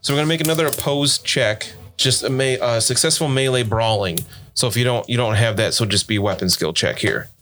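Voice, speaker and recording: Man, game master, casual tabletop narration, mid-pitched, lots of ums. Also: a little fast, hardly any pauses. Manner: relaxed, loose narration with many fillers.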